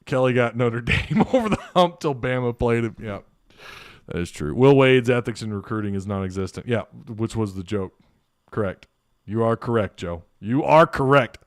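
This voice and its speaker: Man, stream host, chatty, laughs often, smooth voice, dry close sound. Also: medium pitch, expressive, moderate pace, dry recording. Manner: laughing, joking, thinking aloud. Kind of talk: casual live stream chat reading comments.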